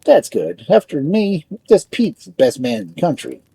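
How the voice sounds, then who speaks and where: A huge, easygoing steelworker boasts in broken immigrant English, voiced by a man. The voice is very dark and husky, with lively pitch, and sounds close and dry with no room around it. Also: normal speed, no echo, heavily acted. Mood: cheerful. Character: huge good-natured male steelworker made of steel.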